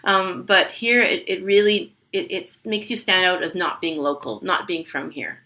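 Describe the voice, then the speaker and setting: A middle-aged woman, chatting as a podcast guest. Her voice is bright and forward. She explains things at length and laughs easily between points. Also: fairly low pitch, moderate pace. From Canada. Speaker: linguist guest. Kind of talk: podcast interview.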